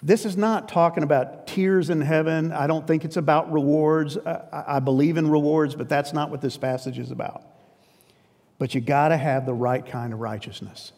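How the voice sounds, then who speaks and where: A man's voice: a little high, steady tone, normal speed, a little mellow. An earnest male pastor preaches with a slightly raised voice, his conversational delivery carried on a long hall reverb. He presses his points with plain emphasis. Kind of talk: sermon.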